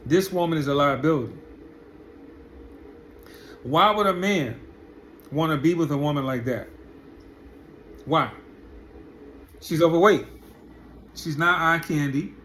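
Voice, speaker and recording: A man's voice: fairly high pitch, a little slow, long pauses, a bit bright, slight background noise. Blunt, profane man ranting to camera. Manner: blunt, profane, repeats rhetorical questions. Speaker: commentary channel host. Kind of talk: reaction commentary monologue.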